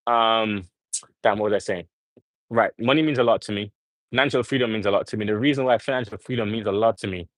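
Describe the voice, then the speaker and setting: A young man with a fairly low voice talks casually and earnestly to his live viewers between sets at the gym. His delivery rambles and he speaks straight to the audience. The sound is close and dry, with little room echo. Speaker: vlogger livestreaming from the gym. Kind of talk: casual live-stream chat.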